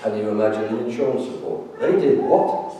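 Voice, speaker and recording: A man's voice: mid-range voice, a little fast. A man preaching a sermon as a priest, telling stories with a joking, jovial manner. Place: church sanctuary. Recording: echoey church, distant mic, background noise.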